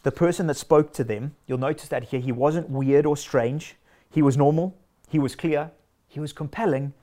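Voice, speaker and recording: A man's voice: fairly high pitch, moderate pace, dark tone. A man preaching a sermon in an earnest, emphatic way, stacking short declarations.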